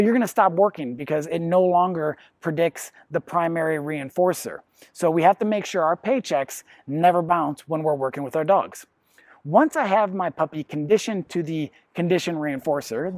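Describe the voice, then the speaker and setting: A dog trainer talks through puppy lessons in a methodical, matter-of-fact way and leans on everyday comparisons. The voice sits in a middle pitch. It is recorded dry, with no room echo. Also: a little mellow. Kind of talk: instructional talk to camera.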